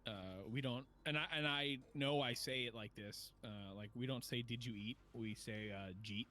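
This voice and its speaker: A man's voice: mid-range voice, fairly even intonation, normal speed, sharp tone. A man from northeastern Pennsylvania with a local accent, rambling and swearing in a casual chat as podcast co-host. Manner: rambling, swears, laughs easily. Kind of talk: casual chat while gaming.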